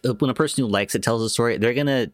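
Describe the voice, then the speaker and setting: A man's voice: medium pitch, very fast, dry recording, clean studio sound. A man co-hosting a podcast, laughing often and offering thoughtful remarks. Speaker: podcast co-host. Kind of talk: casual podcast chat.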